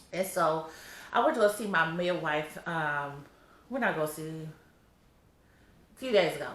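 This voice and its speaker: A woman's voice: fairly low pitch, pushed and bright, roomy sound. A heavily pregnant woman giving a casual vlog update, blunt and exasperated, cussing freely. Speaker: vlogger.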